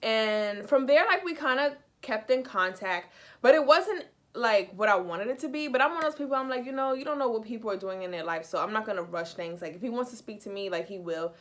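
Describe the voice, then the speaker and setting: A young woman from the United States, chatty and animated, telling a casual storytime in a vlog. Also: on the high side, brisk, hardly any pauses. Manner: chatty, animated, heavy use of "like". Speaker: vlogger.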